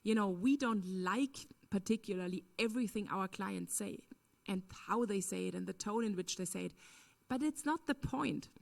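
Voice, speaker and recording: A woman takes a question at a conference Q&A after a lecture, her mid-range voice creaky and darkish at a moderate pace. She answers with earnest emphasis, peppering her speech with "um" and "you know."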